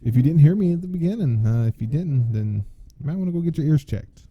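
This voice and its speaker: A man's voice: fairly high pitch, lively intonation, fast, slightly rough, dull audio. A young man from the United States co-hosting a casual podcast, joking and laughing often. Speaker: podcast co-host. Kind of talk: casual chat.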